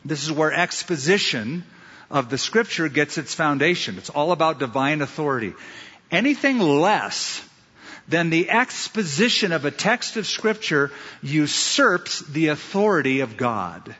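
A man preaches a sermon to his congregation, telling stories and driving points home by repeating them. His voice is bright, forceful and slightly high. The sound is a little dull and carries the long reverb of a large hall. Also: very animated, measured pace, breathy edge. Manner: preacherly storytelling with emphatic repetition. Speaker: pastor.

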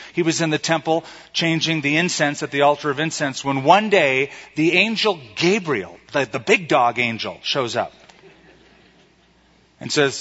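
A male preacher giving a sermon in a conversational, animated way, retelling stories and acting out quotes. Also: a little high. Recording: echoey hall, slightly dull sound.

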